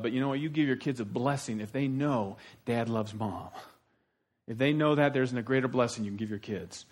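A middle-aged man preaching a sermon, telling the story in a folksy, animated way with sudden loud outbursts. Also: medium pitch. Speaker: pastor.

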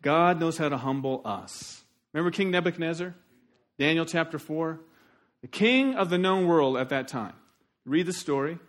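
A man preaching a sermon as pastor, animated and shifting between loud emphasis and quiet asides. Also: on the high side, normal speed.

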